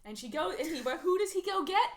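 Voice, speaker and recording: High-voiced woman retelling a film. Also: fast. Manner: animated storytelling with acted-out quotes. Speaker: podcast host. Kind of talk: casual film recap chat.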